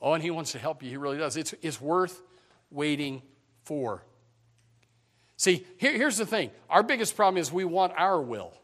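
A man's voice: fairly high pitch, lively intonation, moderate pace, fairly bright tone. A middle-aged male pastor preaching a sermon in a folksy manner, repeating words and joking with his congregation.

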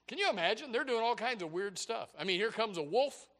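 Bright, animated male preacher. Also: sits high, a little fast, big-room sound. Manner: folksy and exclamatory, with frequent stammered restarts. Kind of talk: sermon.

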